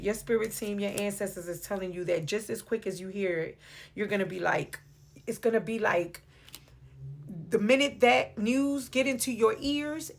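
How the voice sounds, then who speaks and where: A woman's voice: medium pitch, vocal fry. A woman with a New York accent giving a casual, playful tarot reading to camera, calling the viewer "beloved". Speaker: tarot reader. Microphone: phone or webcam on video.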